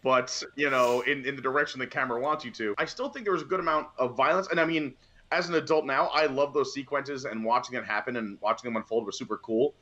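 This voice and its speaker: Bright-voiced man rambling about movies. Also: medium pitch, fast, lo-fi sound. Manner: rambling, animated storytelling. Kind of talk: casual movie review chat.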